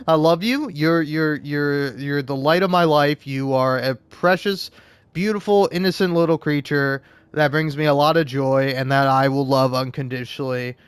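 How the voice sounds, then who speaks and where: A man's voice: on the high side, measured pace, clear, resonant tone, no echo. A man rambling casually from home while playing a game, swearing and laughing often. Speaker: let's play host. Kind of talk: casual gaming commentary.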